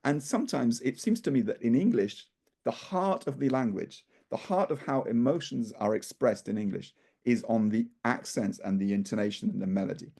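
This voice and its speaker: A man's voice: mid-range voice, animated, moderate pace, vocal fry, dark tone, husky. A man working as a speaking coach, explaining ideas thoughtfully, restarting phrases and leaning hard on stressed syllables. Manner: leans heavily on stressed syllables for emphasis. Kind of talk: conversational explanation.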